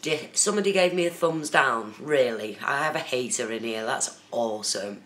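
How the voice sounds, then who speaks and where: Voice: medium pitch, moderate pace, a bit bright. A host chatting casually on a phone live stream, talking to viewers in the chat by name. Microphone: phone camera. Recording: roomy with faint background noise.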